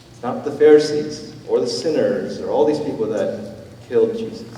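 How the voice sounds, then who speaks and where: Mellow-voiced pastor in an echoey hall. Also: male voice, mid-range voice, moderate pace, slight background noise. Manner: conversational, gentle preaching with fillers. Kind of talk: sermon. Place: church sanctuary. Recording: roomy church hall, from a distance.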